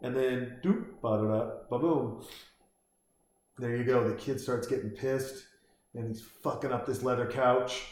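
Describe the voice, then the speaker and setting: A man's voice: mid-range voice, flat delivery, moderate pace. Man, casual reaction commentary, rambling, profane, jokey, very echoey home room.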